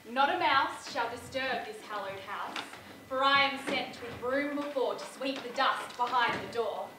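An actress playing the mischievous fairy Puck on stage, speaking verse slowly and deliberately. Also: female voice, fairly high pitch, background noise, close to an everyday voice. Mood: eerie. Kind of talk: stage play performance. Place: theatre stage. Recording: roomy stage sound from far off.

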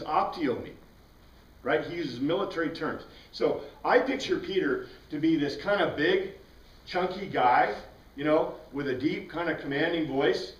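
A man teaching an informal Bible study class, rambling through the passage with asides and restarts. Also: on the high side. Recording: roomy sound, mic at a distance.

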